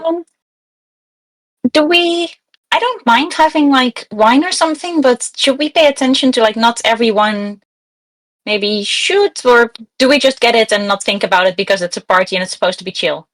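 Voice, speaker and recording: Female tabletop player, mid-pitched, chatty and hesitant, dry close recording. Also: normal speed, dry recording. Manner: hesitant, chatty, laughs easily. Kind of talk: casual tabletop play.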